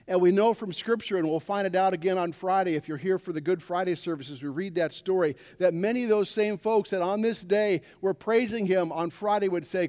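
A man's voice: high voice, a little fast, few pauses, a little mellow. A man preaching a sermon as pastor, calling out to his congregation for responses. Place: church sanctuary. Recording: long reverb of a church hall.

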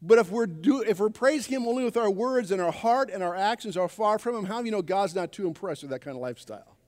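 A man's voice: sits high, expressive, quick pace, a little mellow. A man preaching a sermon as pastor, calling out to his congregation for responses. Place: church sanctuary. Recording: long reverb of a church hall.

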